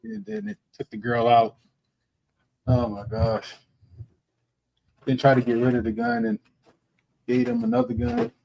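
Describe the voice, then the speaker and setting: A man's voice: medium pitch, big pitch swings, measured pace, creaky, long pauses, darkish tone, rough recording. A man commenting casually on a livestream, joking and chuckling through his remarks.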